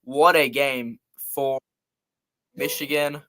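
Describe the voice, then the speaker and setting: Bright-voiced man hosting a football recap. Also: medium pitch, fairly even intonation, slow pace. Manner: chatty and rambling, reels off scores and stats. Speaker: sports show host. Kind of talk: casual live college football recap.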